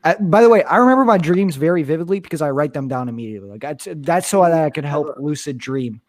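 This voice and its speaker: Speaking fast in a slightly high voice, this young Pennsylvania streamer recounts a story in casual chat, cursing frequently with lots of animated energy.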